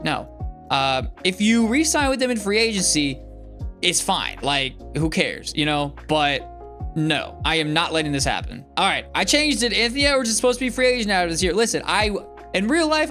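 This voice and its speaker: A young man commenting casually on a sports video game, reacting excitedly and talking back to the game. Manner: excitable, talks to the game and players, swings between loud outbursts and low muttering. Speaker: gaming YouTuber.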